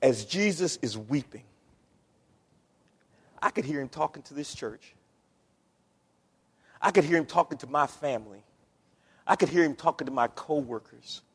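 A man preaching a sermon as pastor, swinging between hushed, near-tearful passages and loud shouted climaxes. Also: a little high, animated, moderate pace, long pauses, slightly rough. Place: church sanctuary. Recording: long hall reverb.

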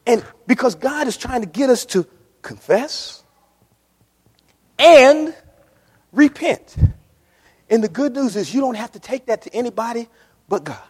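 A man's voice: very high-pitched, expressive, brisk, a little mellow, husky. A man preaching a sermon to his congregation, impassioned and repetitive, often calling out to the church. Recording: reverberant church hall.

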